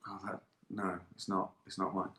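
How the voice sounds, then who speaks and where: A man's voice: low-pitched, monotone, moderate pace, pushed and bright. Guy doing an honest woodsman, upset, plain talking, roomy echo. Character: honest, distraught male woodman from a fable. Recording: echoey room.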